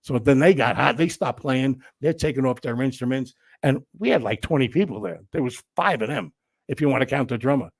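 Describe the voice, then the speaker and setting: An older man, a guest telling stories in a casual interview, animated and profane, acting out what people said. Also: medium pitch, fairly quick, gravelly, slightly rough. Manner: animated, profane storyteller who acts out quotes.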